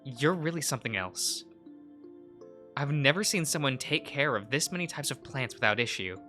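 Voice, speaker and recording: A man's voice: medium pitch, lively intonation, normal speed, bright, forceful tone, soft background music. Man voicing blunt fiery woman florist. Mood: coaxing. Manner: scolding, bluntly encouraging. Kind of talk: visual novel read-aloud.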